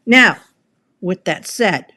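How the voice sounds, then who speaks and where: A woman's voice: mid-range voice, expressive, slow pace, pushed and bright. Chatty middle-aged woman on a live stream. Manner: chatty, rambling, with frequent laughs and restarts. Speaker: content creator. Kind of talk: casual live video talk. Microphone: camera mic.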